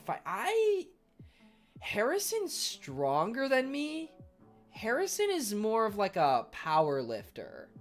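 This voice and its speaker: A young man chatting casually on his livestream in an animated, rambling way, full of fillers. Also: sits high, takes it slowly, faint music behind. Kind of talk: casual stream chat.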